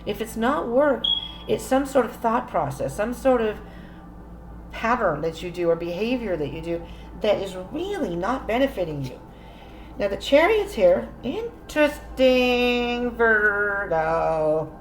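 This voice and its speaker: A woman's voice: medium pitch, very animated, moderate pace, a little mellow, soft background music. A woman giving a casual tarot reading, musing aloud and speaking straight to the viewer. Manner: chatty, musing aloud, addresses viewer directly. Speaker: tarot reader. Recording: roomy echo, faint ambient noise.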